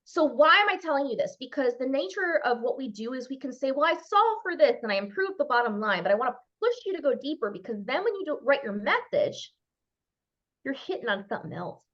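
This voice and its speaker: A middle-aged woman giving an expert talk on brand messaging, animated and acting out quotes as she goes. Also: high voice, fairly quick, dull audio. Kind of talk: lively workshop talk on a video call.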